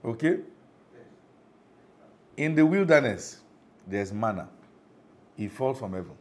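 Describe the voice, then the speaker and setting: A man's voice: medium pitch, expressive, takes it slowly. A middle-aged Nigerian man preaching a sermon as pastor, emphatic, often asking the congregation if they follow.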